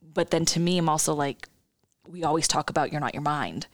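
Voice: medium pitch, a little fast, no room sound, studio quality. A co-host in a casual talk who thinks aloud, asks questions, and adds examples. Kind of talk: casual conversational chat.

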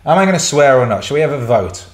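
A man's voice: medium pitch, very animated, fast talker. Sweary ranting man in a roomy echo. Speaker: host answering chat questions. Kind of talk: casual livestream Q&A. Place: indoor room.

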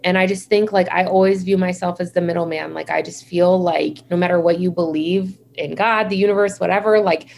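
A nurse and founder, guesting in a casual interview over video call, tells stories chattily, saying "like" a lot and acting out her own past reactions. Her voice is fairly low, steady, brisk and a little mellow, with vocal fry, hardly any pauses, and slight background noise.

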